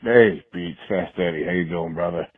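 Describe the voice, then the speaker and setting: A man calls in with a fairly low voice, a little under the weather, chatting in a relaxed, friendly way. The line is dry and tinny like a phone. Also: moderate pace, husky, dry recording. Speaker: caller.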